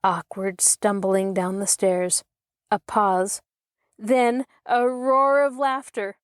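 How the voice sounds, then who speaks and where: A woman hosting and narrating a children's storybook audiobook in an expressive storytelling way. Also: mid-range voice, slow pace, clean tone, dry recording, studio quality. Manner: expressive, even storytelling pace.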